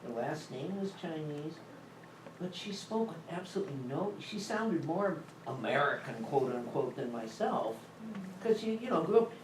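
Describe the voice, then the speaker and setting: A man in a church group sharing a personal anecdote in a casual, animated way. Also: a little high, normal speed. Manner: animated storyteller, laughing as he tells it. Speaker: group member. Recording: echoey room, far mic, audible noise.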